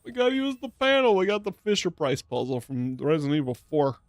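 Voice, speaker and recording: A man's voice: a little high, fairly even intonation, brisk, no echo. A man streaming a video game, making jokey asides and reading the dialogue aloud. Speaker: VTuber streamer. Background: game music.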